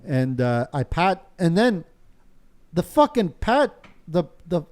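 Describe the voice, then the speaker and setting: A man co-hosting a casual podcast, spinning a long, crude anecdote. His voice sits a bit high and leaps around in pitch, and he keeps breaking into laughter between the curses. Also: very animated, slow, a little mellow, soft background music. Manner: profane, laughing while telling stories. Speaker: podcast co-host. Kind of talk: casual storytelling among friends.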